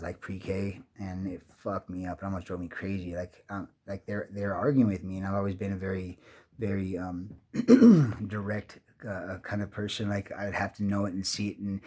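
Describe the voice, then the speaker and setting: Man, fifties, lowish voice; loose, profane, meandering monologue full of restarts. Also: a little mellow, husky. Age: 50s. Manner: profane, meandering, restless storytelling. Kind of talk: rambling personal monologue.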